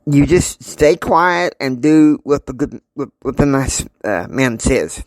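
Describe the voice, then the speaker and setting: A man voicing a gentle mother hushing her frightened young son, with a hesitant, coaxing manner. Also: medium pitch, lively intonation, takes it slowly, no room sound, voice pushed up. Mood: soothing.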